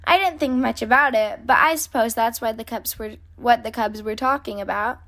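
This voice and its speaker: A woman reading a storybook aloud and voicing a calm, sensible mother bear who speaks in a mild, matter-of-fact way. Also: fairly high pitch, normal speed.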